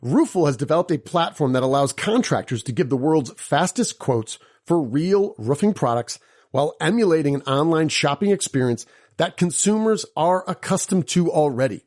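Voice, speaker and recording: A slightly high-voiced man hosting a podcast. He reads a scripted introduction, then moves into upbeat, joking chat with his guests. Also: expressive, moderate pace, a little mellow. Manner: upbeat, joking, playful asides. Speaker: podcast host.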